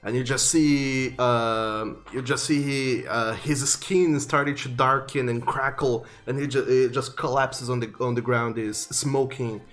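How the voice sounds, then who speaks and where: A man's voice: medium pitch, steady tone, fairly bright tone, soft background music. Man narrating as game master. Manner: vivid, halting narration with fillers.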